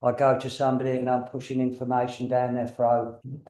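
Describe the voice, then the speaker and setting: A man working as a spiritualist medium gives a demonstration to a congregation, chatty and joking, often checking in with his audience. His medium-pitched voice is monotone yet warm and fairly quick, and the sound is roomy.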